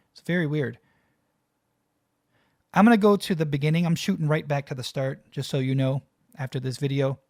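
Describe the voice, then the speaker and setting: A man's voice: on the high side, no echo, clean studio sound. A man hosting a reaction video, talking casually and emotionally to his viewers as he watches. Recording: loud music playing behind voice.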